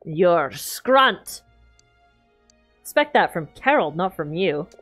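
A woman's voice: fairly low pitch, big pitch swings, slow pace, fairly bright tone, soft background music, pitched below the performer's own voice, exaggerated voice. A woman doing a slurring drunk innkeeper. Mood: surly. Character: drunk gruff male innkeeper, bitter and weary.

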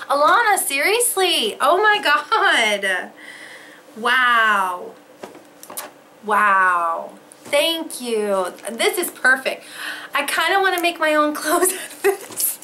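Young woman vlogger, high lively voice, bright tone, unhurried, gushing unboxing chat with faint room noise. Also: low-quality recording. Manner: gushing, gasping and exclaiming, laughs often. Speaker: vlogger opening fan mail. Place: home craft studio.

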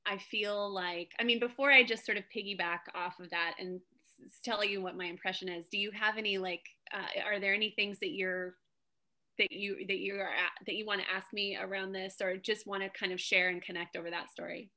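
Woman improv coach on a video call, bright and encouraging. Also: medium pitch, steady tone, a little fast. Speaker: guest speaker, improv coach. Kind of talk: casual video-call talk.

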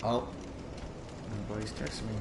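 A man giving live gameplay commentary, swearing and yelling at the game in sudden outbursts, with sarcastic self-mocking asides. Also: on the low side, fairly even intonation, normal speed, creaky, very noisy. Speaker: gamer streaming live. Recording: roomy with loud background sound.

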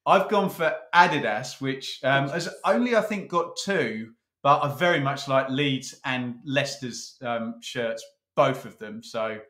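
A man's voice: medium pitch, a bit bright, roomy sound. Teasing man hosting a kit ranking. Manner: playful, teasing, brisk. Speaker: host. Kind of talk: casual chat ranking football kits.

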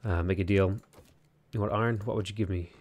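A man's voice: low voice, fairly even intonation, a little fast, darkish tone. A man with an Irish accent, chatting loosely while streaming a strategy game and reading viewer comments, full of "like" fillers and restarts. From Ireland. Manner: rambling, many "like" fillers and restarts. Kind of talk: casual livestream commentary.

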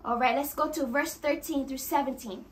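A woman preaching a sermon, animated and acting out quoted voices as she addresses the congregation. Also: high-pitched, moderate pace.

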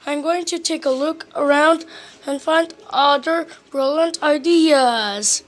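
A woman's voice: high-pitched, slow pace. A woman voicing a cheerful, scatterbrained little girl from a children's storybook who is always full of ideas. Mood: eager. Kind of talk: storybook read-aloud.

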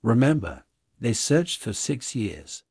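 A man reading as a composed detective, measured and commanding, in a husky, hushed-sounding voice. The sound is dry and close, with no room around it, as if read in a storybook recording. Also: mid-range voice, sing-song, no room sound, exaggerated voice. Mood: calm. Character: calm, sharp male detective.

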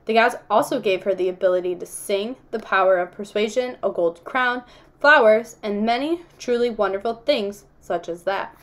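A woman's voice: medium pitch, normal speed, close to an everyday voice. Insistent, earnest young girl, read by a woman narrator. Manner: earnest and indignant.

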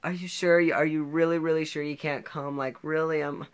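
A high, whiny teenage girl begs again and again, her voice quavering with disappointment, as a teenage boy puts her on. The pitch sits clearly above his natural low voice. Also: fairly even intonation, moderate pace, natural voice. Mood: pleading. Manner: whiny, pleading, repeats herself.

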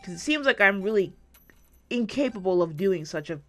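A woman giving casual, rambling commentary while playing a video game, self-deprecating and swearing often, swinging between quiet and loud, on a close desk mic. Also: medium pitch, lively intonation, normal speed. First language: English. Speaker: gaming YouTuber.

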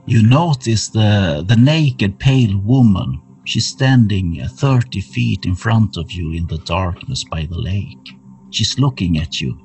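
A man narrating a tabletop horror game as game master, measured and full of uh fillers. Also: on the low side, expressive, a little mellow, faint music behind, rough recording.

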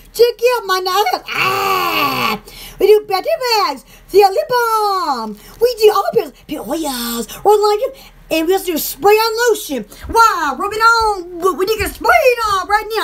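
Woman hosting a live sales stream; high, lively, singsong voice with slow, giggly, excitable chatter. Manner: excitable and giggly, lots of exclamations. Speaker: host of a live shopping stream. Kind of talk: casual live stream chat.

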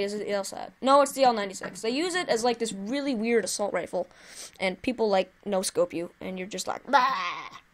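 A woman hosting her own gaming video, giving chatty, excitable live commentary while she plays and cheering at her wins. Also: mid-range voice.

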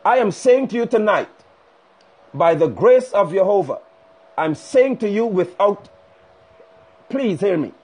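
A man's voice: sits high, very animated, measured pace, pauses often, a little mellow, breathy edge. A male preacher delivering a fiery, scolding sermon live over a phone stream. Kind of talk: sermon on a livestream. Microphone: phone livestream.

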